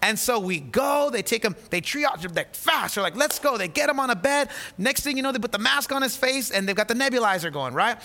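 Bright-voiced, animated preacher man. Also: extremely high pitch, brisk, hardly any pauses. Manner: animated, acts out the people in his story, repeats words as he restarts. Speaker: pastor. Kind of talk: sermon storytelling.

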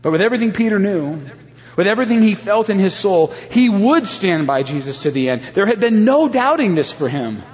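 A man's voice: high voice, sing-song, fairly quick, a little mellow. A man retelling a Bible story as a devotional sermon, earnest and speaking straight to his listeners. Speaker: preacher. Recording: long reverb, dull sound.

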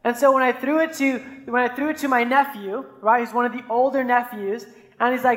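A male pastor giving a sermon in a relaxed, conversational way, telling stories and often checking in with the listeners. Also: very high-pitched, fairly quick. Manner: conversational preaching with stories, frequent "right?". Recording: echoey hall reverb.

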